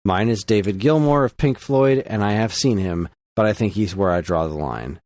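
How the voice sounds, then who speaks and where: A man's voice: fairly low pitch, moderate pace, a little mellow, dry recording. A male podcast co-host in casual chat, dry and laid-back while reading listener questions.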